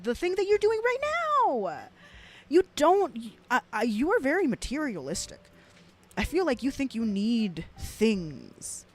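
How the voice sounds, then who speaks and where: Blunt, profane young woman streamer. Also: a little high. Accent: South Texas. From South Texas. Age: 20s. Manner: blunt and profane, with laughing asides and rambling restarts. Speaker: streamer reacting to clips. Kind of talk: casual commentary stream.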